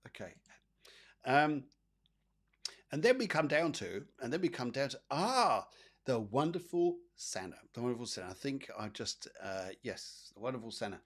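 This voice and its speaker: A man's voice: medium pitch, sing-song, unhurried, a bit bright, husky. Chatty man giving psychic readings. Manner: chatty, rambling, repeats phrases, frequent fillers. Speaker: psychic medium host. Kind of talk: live card readings for viewers.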